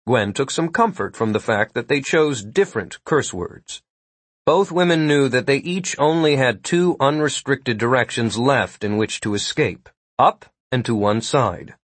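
Husky-voiced man narrating a story. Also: medium pitch, a little slow, no echo. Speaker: audiobook narrator. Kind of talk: scripted narration.

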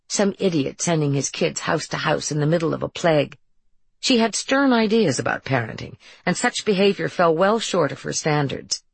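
Woman audiobook narrator, low, gravelly, measured. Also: expressive, no room sound. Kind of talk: scripted narration.

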